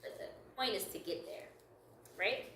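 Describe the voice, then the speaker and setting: A woman's voice: normal speed, fairly bright tone, reverberant, recorded from a distance, slight background noise, low-quality recording. A woman leading a step-by-step craft tutorial, upbeat and encouraging, laughing lightly at her own slips. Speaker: craft instructor.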